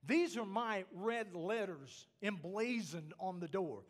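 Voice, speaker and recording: A male pastor preaching a sermon, swinging between animated points and quiet asides, often checking in with "okay?". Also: sits high, measured pace, few pauses. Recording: long reverb of a large hall.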